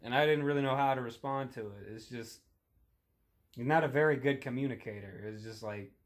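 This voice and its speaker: A young man delivering a crude, profane comedic rant, rambling in a deadpan way with sudden shouty outbursts. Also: mid-range voice, a little fast. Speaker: comedic monologue host.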